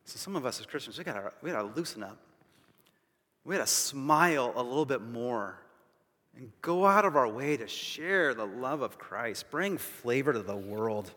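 A man's voice: mid-range voice, lively intonation, moderate pace, sharp tone. A man preaching a sermon as pastor, emphatic and repeating phrases for stress, with casual asides to the congregation. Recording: long reverb of a large hall.

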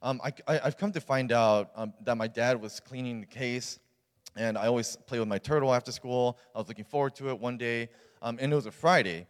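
A man's voice: medium pitch, brisk. A young man, a youth pastor, telling a personal story in a sermon in a casual, earnest way with many fillers. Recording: long reverb of a large hall.

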